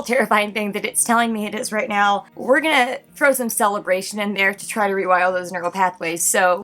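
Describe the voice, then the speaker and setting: A woman's voice: medium pitch, fast talker, hardly any pauses, a bit bright, faint music behind. A woman in her thirties vlogging to camera, tearful and anxious, talking in an earnest, emotional way. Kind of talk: personal vlog, talking to camera.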